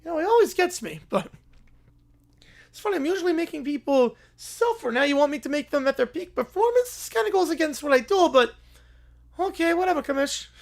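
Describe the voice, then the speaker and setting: Guy doing a high whiny cartoon mad scientist, complaining nonstop. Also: lively intonation, brisk, creaky, heavily acted. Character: scheming middle-aged male cartoon mad scientist.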